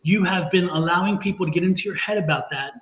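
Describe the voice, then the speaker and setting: A man reassures a viewer during a streamed tarot reading, repeating himself earnestly. His voice sits a touch high and comes through a thin, phone-like call with a roomy echo. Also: fast, a crowd in the background. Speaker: tarot and psychic reader. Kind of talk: live-streamed psychic reading. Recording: echoey, phone-like line with faint noise.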